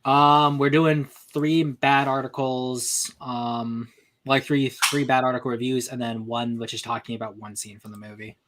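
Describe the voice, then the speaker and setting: A man's voice: mid-range voice, normal speed, a little hiss or hum. A man hosting a casual group podcast, joking, swearing and reading articles aloud. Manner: animated, jokey, swears freely. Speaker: podcast host.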